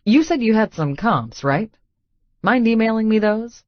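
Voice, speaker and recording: A woman's voice: fairly high pitch, animated, a little slow, dry recording, muffled recording, pitched above the performer's own voice. A woman voicing a smug, slick male real estate agent in an audiobook, breezy and self-satisfied.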